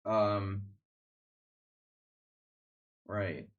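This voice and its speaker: Rambling sardonic man, lowish voice. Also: extremely slow, highs cut off. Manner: rambling, sardonic, many restarts and fillers. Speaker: chess streamer. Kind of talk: casual live-stream chat.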